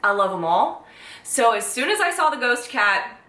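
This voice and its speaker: A woman's voice: on the high side, moderate pace, far from the mic. Gushing young woman, echoey room. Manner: gushing, excitable, emotional. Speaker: vlogger. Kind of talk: casual unboxing vlog.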